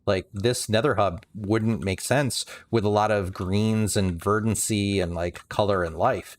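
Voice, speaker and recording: A man's voice: fairly low pitch, fairly even intonation, measured pace, slight background noise. A man livestreaming a building game, rambling casually with many restarts and some dry sarcasm.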